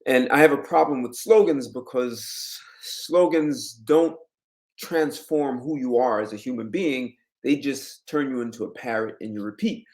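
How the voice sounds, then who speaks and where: A man giving relationship advice to camera in an emphatic, lecturing way, jumping up in pitch on key words. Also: unhurried. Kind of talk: direct-to-camera commentary.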